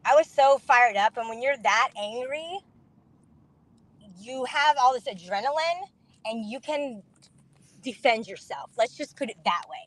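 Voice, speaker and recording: A woman's voice: fairly high pitch, measured pace, pauses often, poor audio. A middle-aged woman telling an indignant story to camera in a casual vlog, acting out the voices of the people in it. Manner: animated, indignant, acts out quoted voices.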